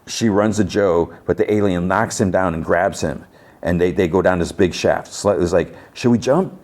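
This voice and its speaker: A man's voice: low-pitched, fairly even intonation, moderate pace, darkish tone. A man hosting a podcast, casually recapping a TV episode in a rambling way, with frequent restarts and lots of "he's like" quoting. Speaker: podcast host.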